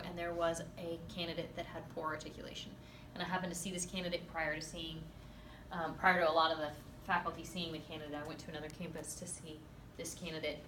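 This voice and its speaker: A woman in her thirties, a speech teacher, giving a lively, emphatic classroom lecture with playful asides to her students. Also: lowish voice, a little hiss or hum. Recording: echoey classroom from far off, faint ambience.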